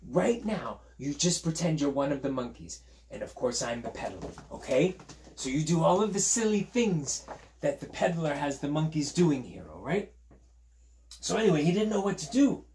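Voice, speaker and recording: A man's voice: on the high side, very animated, normal speed, a little mellow. A male teacher reads a children's picture book aloud in a friendly, playful voice. He talks in an easy, chatty way, with light asides to his young listeners. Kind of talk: storytime read-aloud for children.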